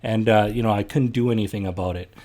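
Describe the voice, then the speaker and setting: Blunt man, low voice. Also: steady tone, fast talker, dark tone. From Canada. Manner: blunt, heated, swears freely. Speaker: podcast host. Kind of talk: casual storytelling chat.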